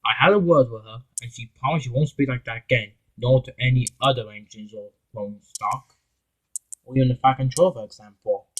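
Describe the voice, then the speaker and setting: Man doing stern scolding engine for a fan story; husky, mid-pitched, lecturing and stumbling. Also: fairly quick, a bit bright, natural voice, poor audio. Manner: lecturing, stumbling over words.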